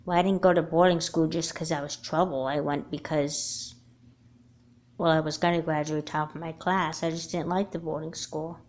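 A sensible older teen sister, played by a woman in a homemade doll movie. She gives calm, reassuring advice in a slightly raised, lively voice. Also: deep voice, moderate pace, close to an everyday voice.

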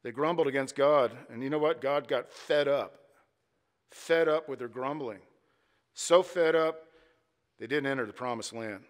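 Male pastor, emphatic repetitive preaching, mid-pitched voice, long reverb of the sanctuary. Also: unhurried. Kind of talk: sermon. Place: church sanctuary.

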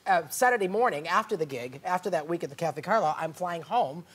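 A man from Massachusetts, a guest entertainer talking fast and camply in a talk show interview. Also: a little high, slightly rough. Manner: animated, fast-talking, campy comic.

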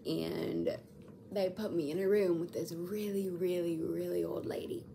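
A woman's voice: on the low side, steady tone, unhurried, gravelly, heavy background noise. A young woman in her twenties filming in a hospital room, animatedly telling a story with dramatic asides. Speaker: vlogger. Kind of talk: casual storytelling.

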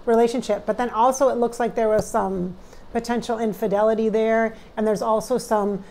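A woman's voice: fairly high pitch, fairly even intonation, brisk, darkish tone. A middle-aged woman psychic talking casually and emotionally to viewers during a channeling session. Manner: chatty, emotional, talks directly to viewers. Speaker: psychic medium.

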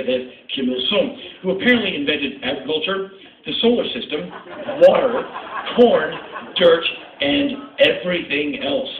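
A middle-aged man performing a spoken word story on stage, with an animated, sardonic, punchy delivery. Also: fairly high pitch. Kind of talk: stand-up storytelling. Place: nightclub stage. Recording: echoey club audio, tinny and distant.

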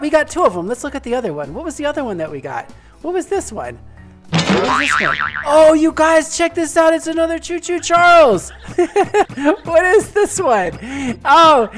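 A woman hosting a gaming video, giving excited gameplay commentary with gasps, squeals and playful sound effects. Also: fairly high pitch.

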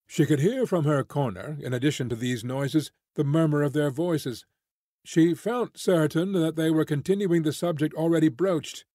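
A man reading a classic novel aloud as an audiobook narrator, measured and clear. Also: on the high side, warm tone, no echo, clean studio sound.

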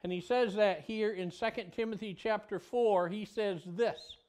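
A man preaching a sermon as a pastor. He swings between loud exclamations and a hushed, low voice. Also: measured pace, hardly any pauses.

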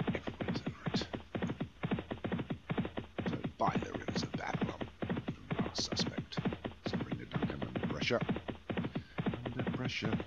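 A man calls a simulated horse race in a relaxed, joking manner and keeps correcting himself as he goes. His voice sits very low, and the lo-fi recording sounds muffled under loud music. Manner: chatty, jokey, self-correcting. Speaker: race commentator. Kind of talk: amateur horse racing commentary over a game.

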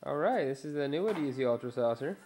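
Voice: mid-range voice, animated, fast, a little mellow, soft background music. A parent at home, filming their baby on a handheld camcorder and coaxing them in playful, sing-song baby talk.

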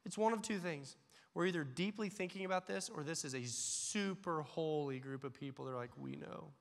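A man's voice: fairly high pitch, a little fast, big-room sound. A man preaching a sermon to a church congregation, telling stories and acting out the voices in them. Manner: storytelling preacher, acts out voices in anecdotes. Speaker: pastor. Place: church sanctuary.

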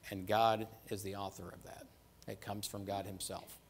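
A man with a fairly low voice delivers a sermon, leaning hard on key phrases and repeating them for weight. He keeps it conversational, checking in with his listeners as he goes. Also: level tone, normal speed, breathy edge. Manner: emphatic, repeats phrases for stress; conversational, asks "right?" and "okay?". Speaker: preacher.

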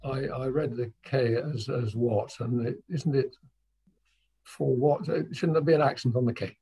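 Male student, video call, husky and gravelly, slow and tentative. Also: mid-range voice, fairly even intonation, mellow. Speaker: language student. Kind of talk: asking the tutor a question.

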